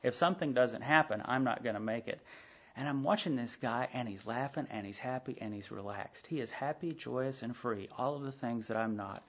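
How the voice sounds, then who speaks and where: Gravelly middle-aged man telling his story. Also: mid-range voice, a little fast, fairly bright tone. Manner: candid storytelling with frequent asides and acted-out dialogue. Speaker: recovery meeting speaker. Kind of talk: personal recovery story told to a group. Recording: dull lo-fi tape of a live meeting talk.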